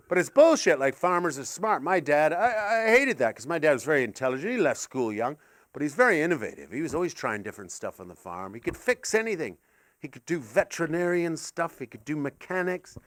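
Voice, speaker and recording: A man from Canada performing stand-up, wandering through absurd stories and poking fun at himself. His voice sits high and leaps around expressively. It is picked up on a handheld stage mic that sounds close and dry. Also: sing-song, brisk, dry recording. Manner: rambling, absurd, self-mocking. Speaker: stand-up comedian. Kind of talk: stand-up set. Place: live comedy venue.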